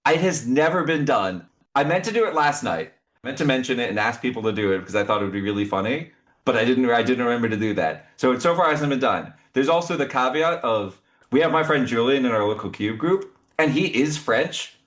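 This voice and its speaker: A young man chatting casually as a podcast guest, opinionated and quick to laugh. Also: mid-range voice, lively intonation, fairly bright tone. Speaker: podcast guest, cube designer. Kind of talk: casual chat.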